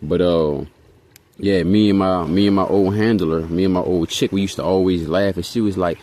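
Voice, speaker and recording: A young man from Hawaii, a vlogger, tells rambling stories in a casual monologue, full of slang and profanity, and keeps asking his listeners "you know what I'm saying." His deep, warm voice moves at a normal pace with fairly even intonation.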